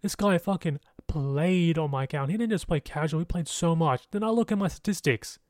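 A young man rambles through a casual podcast monologue, swearing freely. His voice is a little high for a man and a little fast, recorded dry and close with no room sound or echo.

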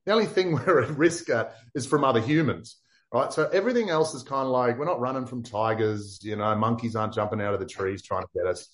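A man from far north Queensland with an Australian accent, telling a story as an interview guest in a lively, casual way, full of "like" and acted-out quotes. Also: medium pitch, a little fast. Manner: animated, acts out quotes, many "like" fillers.

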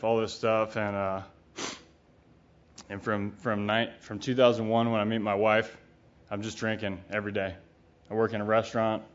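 A middle-aged man giving a candid, rambling personal recovery talk, blunt and often profane, with many fillers. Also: on the low side. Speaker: speaker at a recovery retreat. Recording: dull lo-fi recording.

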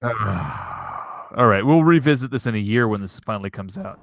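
A man's voice: fairly low pitch, animated, moderate pace, no room sound. Male podcast co-host, teasing banter, dry close sound. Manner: playful, teasing. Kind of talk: casual chat.

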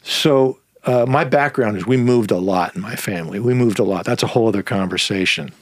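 Profane, animated male storyteller. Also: fairly low pitch, brisk, no echo. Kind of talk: casual storytelling.

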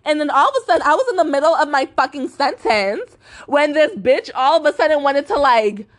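A woman's voice: high-pitched, sing-song, a little fast. A young woman ranting casually through a profane storytime, full of fillers and curse words. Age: young adult. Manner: casual, heavy cursing, lots of fillers like "like" and "bro". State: up all night, tired. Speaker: vlogger.

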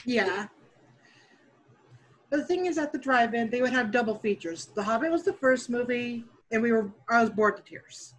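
A chatty woman guest on a podcast interview, talking candidly about her tastes with a slightly high voice. She laughs at herself now and then. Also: expressive, normal speed, poor audio. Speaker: guest dungeon master. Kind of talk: casual interview chat.

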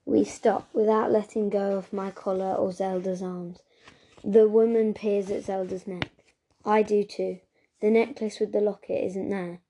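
Woman reading a novel in a flat, mellow voice. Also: mid-range voice, a little slow, a little hiss or hum. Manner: steady, even storytelling. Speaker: reader.

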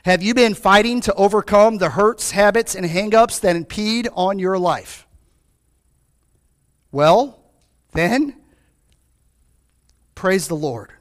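A male pastor with a notably high voice delivers a fervent sermon. He swings between fired-up, raised passages and hushed, low stretches. He keeps turning to the congregation with direct questions. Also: slow pace, pauses often. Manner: fervent, rises and drops sharply in pitch and volume; calls out to the congregation.

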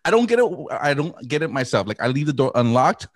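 A man's voice: mid-range voice, big pitch swings, fast talker. Casting: joking man, emcee type, voice that swoops all over the place. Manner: playful, joking. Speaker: podcast guest, MC and radio personality. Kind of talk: casual chat.

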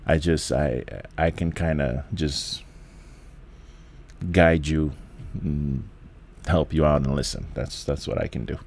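A man's voice: extremely low pitch, fairly even intonation, takes it slowly, darkish tone, slight background noise. A man, hosting a candid solo podcast from home in a laid-back, rambling, profane way with lots of restarts. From the Bronx, New York. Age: 40s. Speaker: podcast host.

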